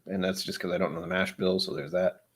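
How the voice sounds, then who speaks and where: A man's voice: low voice, level tone, quick pace, creaky, a bit bright, slightly rough. A man hosting a livestream, chatting casually over drinks, rambling, joking and poking fun at himself. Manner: rambling, joking and self-deprecating. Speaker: livestream host.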